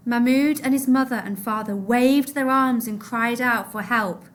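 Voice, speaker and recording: A woman reading a novel aloud to a class, expressive, her voice dropping low and soft at the sad moments. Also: measured pace.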